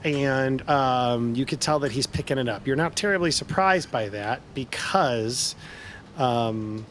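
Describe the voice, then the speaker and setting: A man's voice: mid-range voice, a little slow, fairly bright tone, a little hiss or hum. A man as game master, narrating a tabletop game with loose, filler-heavy phrasing.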